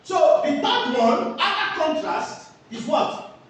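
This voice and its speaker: A woman teaches a class, throwing questions at it and answering them herself. Her voice is high and lively, with wide swings of pitch. She is heard from a distance in a very echoey room with faint background noise. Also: takes it slowly. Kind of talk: classroom lecture with call-and-response questions.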